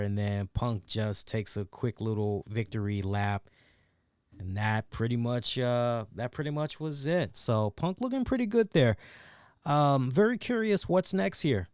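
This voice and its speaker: A man hosting a wrestling review show, talking in a casual, animated and profane way and laughing at his own jokes. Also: mid-range voice, clear, resonant tone, dry recording, studio quality. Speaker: wrestling review podcast host. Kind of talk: casual excited chat.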